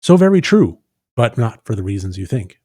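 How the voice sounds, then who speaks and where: A man voicing a fussy middle-aged mother who is a herbalist and spiritualist, in a prim, gently fretting manner. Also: lowish voice, sing-song, moderate pace, no room sound, studio quality. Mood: ominous.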